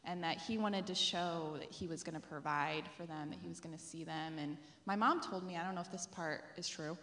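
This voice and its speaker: A woman's voice: on the low side, steady tone, fairly quick, a bit bright, roomy sound. A young woman sharing a reflective church testimony in an earnest way.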